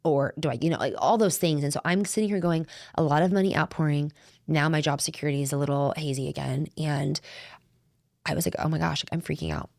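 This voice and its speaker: A woman's voice: low-pitched, fast talker, gravelly, darkish tone, no room sound, studio quality. A middle-aged woman co-hosting a faith podcast, talking in an earnest, heartfelt way that rambles and restarts. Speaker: podcast co-host. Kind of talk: faith-based conversational podcast.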